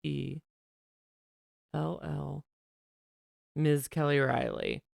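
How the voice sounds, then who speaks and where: American male podcast host, gushing and theatrical, with a creaky voice. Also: fairly high pitch, huge pitch swings, drawn-out words, no room sound, studio quality. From West Virginia. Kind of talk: casual chat.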